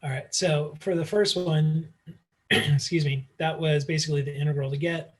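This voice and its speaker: A man's voice: on the high side, fairly even intonation, normal speed. A man teaching math in a casual online lecture, working through problems aloud with frequent fillers, recorded on a computer mic. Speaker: math instructor.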